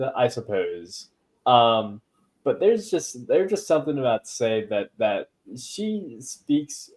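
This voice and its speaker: A man's voice: medium pitch, a little mellow. A man hosting a podcast in casual chat, rambling with many fillers and throwaway asides. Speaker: podcast host.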